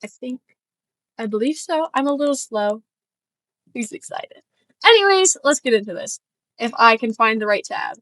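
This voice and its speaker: A woman's voice: on the high side, animated, normal speed, pauses often, a bit bright, no room sound, low-quality recording. A woman from the northern United States, streaming casual reaction commentary, rambling and self-deprecating with lots of fillers and trailing asides.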